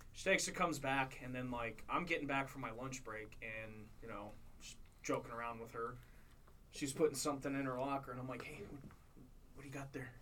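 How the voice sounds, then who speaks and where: A man's voice: medium pitch, a bit bright. A young man hosting a podcast, telling loose, profane stories in a casual way and laughing as he goes. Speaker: podcast host. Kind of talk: casual storytelling. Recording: distant mic with clear background noise.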